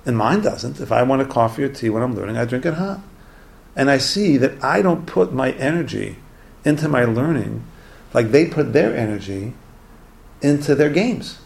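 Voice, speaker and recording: A man doing an earnest young scholar who pours out his remorse. His gravelly voice stays at a middle pitch and breaks into anguish in places. It is an everyday storytelling voice, lifted a little. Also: animated, normal speed, a little mellow. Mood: remorseful. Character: pious young male Torah scholar, earnest.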